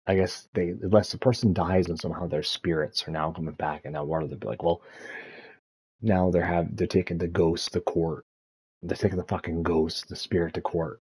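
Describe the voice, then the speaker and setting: A man rambling through casual commentary, profane and laughing often as he thinks out loud. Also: low voice, fairly even intonation, fairly quick, husky. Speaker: streamer.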